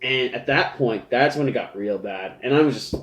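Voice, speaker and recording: A man's voice: medium pitch, moderate pace, a bit bright. A young man co-hosting a podcast, telling rambling stories among friends and laughing often. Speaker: podcast co-host. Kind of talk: casual chat among friends. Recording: echoey room.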